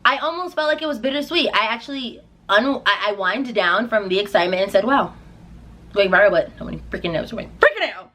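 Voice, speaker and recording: A young woman telling a casual storytime vlog, acting out her own quotes with big jumps in pitch. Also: expressive, fast talker, bright, forceful tone. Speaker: singer and vlogger.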